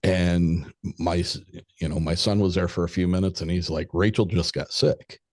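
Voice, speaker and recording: A man with a very deep, low voice, recorded close and dry with no room sound. He is a podcast guest telling a story in a loose, candid way. He swears freely and slips into quoted conversations. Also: flat delivery, normal speed, a little mellow, no room sound. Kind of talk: casual spoken storytelling.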